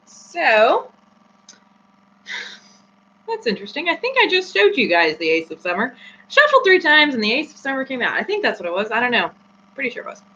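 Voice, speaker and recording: In a slightly dull recording with a faint hum, a female host runs a casual tarot reading live, talking and giggling with plenty of fillers. Her voice is high, bright, and forceful.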